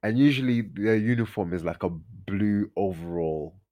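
A young man tells a story in a relaxed podcast chat. His voice sits a touch low, and he jumps up in pitch whenever he acts out his mates. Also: moderate pace. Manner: animated, acts out friends' lines in raised voices. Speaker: podcast host.

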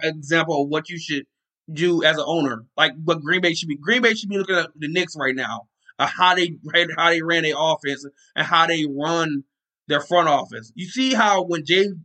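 A man's voice: a little high, pushed and bright. A man hosting a sports podcast, talking casually and rambling, often stopping to search aloud for players' names. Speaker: podcast host. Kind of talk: casual sports talk monologue.

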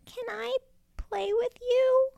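A woman's voice: sits high, very animated, measured pace, vocal fry, no echo, lo-fi sound, pitched above the performer's own voice, exaggerated voice. A woman voicing a shy, lonely young turtle boy who speaks timidly with a quavering voice, in a storybook reading.

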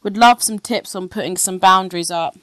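A young woman with an English accent, co-hosting a podcast in casual chat, who swears freely and tells stories in quick bursts. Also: medium pitch, a bit bright, no room sound. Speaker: podcast co-host.

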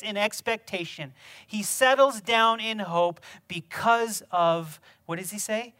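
A man preaching a sermon, building from quiet reflection to loud, emphatic exhortation with rhetorical questions. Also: high voice. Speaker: pastor.

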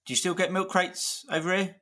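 A man's voice: high voice, flat delivery, a little fast, pushed and bright. A man co-hosting a podcast, talking casually with dry, self-mocking humour. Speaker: podcast co-host.

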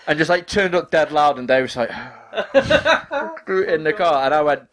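Animated man spinning a funny tale. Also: fairly high pitch, normal speed. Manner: animated, laughs through his stories. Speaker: podcast co-host. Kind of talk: casual storytelling chat.

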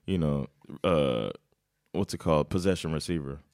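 A man's voice: extremely low pitch, normal speed, a little mellow, dry recording, clean studio sound. A man co-hosting a casual sports podcast, laid-back, swearing and laughing a lot. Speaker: podcast co-host.

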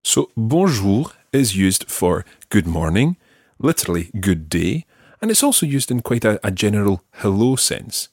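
Scottish male tutor, husky low voice, patient, dry close sound. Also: big pitch swings, darkish tone, dry recording. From Scotland. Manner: clear, patient, repeats words slowly for the learner. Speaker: language teacher. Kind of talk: podcast language lesson.

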